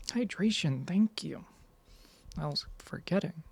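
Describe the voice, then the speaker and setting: A man's voice: fairly high pitch, expressive, slow, husky. A man streaming live, chatting casually with his viewers and reading their messages aloud, full of "like" fillers. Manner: rambling, many "like" fillers, reads chat aloud. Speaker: livestreamer.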